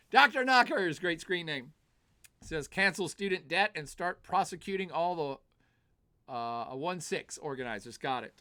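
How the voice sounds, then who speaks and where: Middle-aged man, live stream host, slightly high voice, animated chatty political rant, laughs between points. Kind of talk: casual political commentary.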